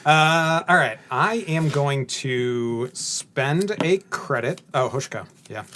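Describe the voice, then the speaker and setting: A man co-hosting a stream, thinking aloud as he plays a card game and narrating each move deliberately in casual chat. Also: medium pitch, fairly bright tone, slight background noise. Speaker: co-host and card game player.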